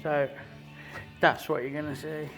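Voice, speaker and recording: Man, fifties, motorcycle builder, slightly high voice, profane rambling shop talk, faint music behind. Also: flat delivery, a little slow. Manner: salty, rambling, swears freely. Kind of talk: workshop build commentary. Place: motorcycle workshop.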